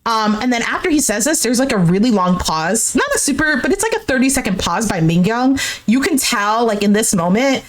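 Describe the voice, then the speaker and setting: Animated young woman recapping a show. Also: a little fast, hardly any pauses, slight background noise. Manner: animated, indignant, swearing, acts out quotes in a lower voice. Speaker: recap streamer. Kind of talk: casual reaction recap.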